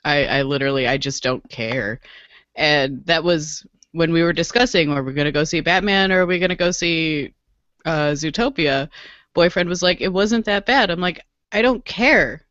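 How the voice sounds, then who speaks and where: A woman's voice: low voice, fairly even intonation, moderate pace, fairly bright tone, no room sound, muffled recording. A woman co-hosting a podcast in casual chat, emphatic and repetitive, laughing often. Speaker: podcast co-host.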